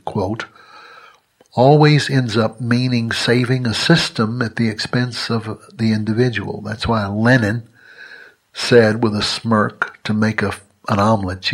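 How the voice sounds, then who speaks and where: A man, giving an emphatic, deliberate scripted monologue as a religious commentator. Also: medium pitch, breathy edge. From United States.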